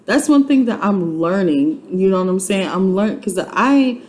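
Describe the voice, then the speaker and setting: A vlogger shares a personal testimony in a casual, heartfelt way, her mid-range voice animated and slightly dark at a normal pace. She's chatty and earnest, repeats herself often, and leans on plenty of fillers. The audio quality is poor, with clear background noise.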